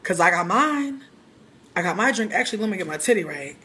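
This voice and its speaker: A livestream host ranting to viewers in a brash, loud, profane and sassy way, speaking from a bar. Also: medium pitch, expressive, moderate pace, pauses often, slight background noise. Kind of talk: brash casual rant to viewers.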